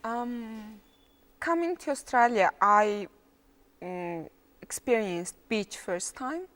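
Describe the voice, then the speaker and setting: A woman veterinarian from Mongolia with a Mongolian accent, answering interview questions in careful, halting English learned as a second language. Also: on the high side, animated, fairly bright tone.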